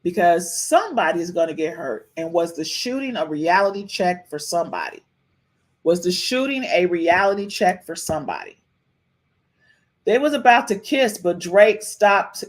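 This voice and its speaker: A woman hosting a live-stream podcast in casual chat, animated and sassy, repeating herself often. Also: lowish voice, moderate pace. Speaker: podcast host.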